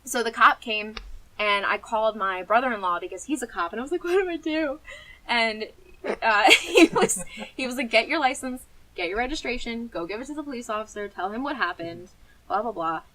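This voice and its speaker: A woman's voice: a little high, lively intonation, a little fast, bright, forceful tone, low-quality recording. A woman, telling a story on a casual podcast and acting out the voices she quotes. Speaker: podcast co-host. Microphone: podcast mic.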